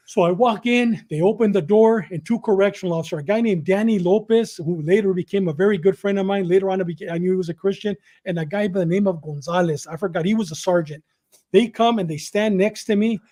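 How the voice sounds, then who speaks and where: A man in his sixties from Southern California, a guest telling conversational stories and acting out the dialogue, often repeating and restarting phrases. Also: high voice. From Southern California, USA. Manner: animated, acts out dialogue in quick back-and-forth. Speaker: podcast guest, former correctional officer. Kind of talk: conversational storytelling.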